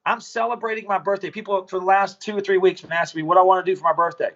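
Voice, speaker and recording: A man's voice: high voice, steady tone, very fast, a bit bright, highs cut off. A man, a business owner, talking bluntly and profanely as a podcast guest, telling stories casually.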